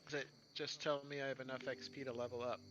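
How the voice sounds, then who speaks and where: A man playing in a tabletop game, speaking in a matter-of-fact, deliberate way. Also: mid-range voice, flat delivery, a bit bright, lo-fi sound, a little hiss or hum. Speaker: player.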